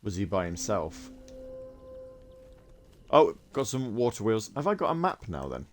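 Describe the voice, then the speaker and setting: A man's voice: on the low side, big pitch swings, unhurried, soft background music. A man giving chatty, wry commentary while playing a video game and thinking aloud. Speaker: gaming video creator. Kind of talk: let's play commentary.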